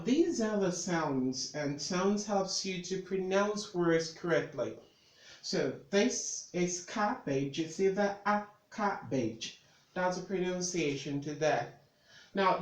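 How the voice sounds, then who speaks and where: A man teaching pronunciation in an online lesson, speaking slowly and repeating each word several times. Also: sits high. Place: room with a board. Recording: echoey room.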